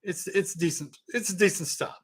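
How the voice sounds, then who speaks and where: A man's voice: high voice, normal speed, slightly rough. A man telling a long personal story on a livestream in a rambling, casual way, often restarting his sentences. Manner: rambling, self-correcting, thanks donors mid-story.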